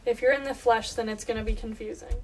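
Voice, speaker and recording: A young woman co-hosts a casual faith podcast, earnest and easygoing as she chats and reads a short scripture passage. Her voice sits a touch high for a woman. She is heard from a little way off the mic, with faint noise behind her. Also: fairly even intonation, quick pace, a little mellow. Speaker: podcast co-host. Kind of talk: casual faith chat and Bible reading. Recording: voice a bit distant from mic, faint background noise.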